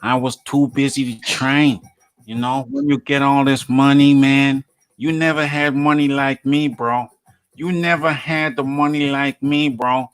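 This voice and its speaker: A man putting on a boastful, lazy rich boxer's voice with a drawn-out "bro". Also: mid-range voice, little pitch movement, clear, resonant tone, lightly acted.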